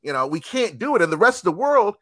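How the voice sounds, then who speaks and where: Animated, high-voiced man ranting. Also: quick pace, dry recording. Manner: animated, profane, emphatic ranting. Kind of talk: casual chat.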